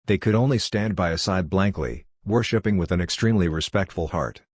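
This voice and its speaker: Male audiobook narrator, very low voice, dry close sound, steady read. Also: brisk, husky, no echo.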